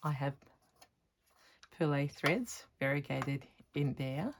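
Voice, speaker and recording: A woman's voice: low-pitched, expressive, takes it slowly, background noise. A woman chatting casually in a crafting vlog, thinking aloud as she works on her stitching. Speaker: textile artist showing her stitching.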